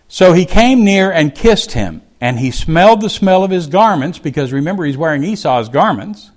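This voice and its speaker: A man teaching a Bible chapter, reading verses aloud and explaining them in a folksy, conversational way. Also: a little high. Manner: reads scripture aloud, then explains it in a folksy aside.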